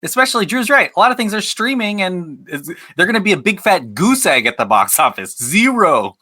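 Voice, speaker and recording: A man's voice: high-pitched, big pitch swings, a little fast, sharp tone. A man hosting a casual podcast quiz game, playful and laughing often as he announces rounds.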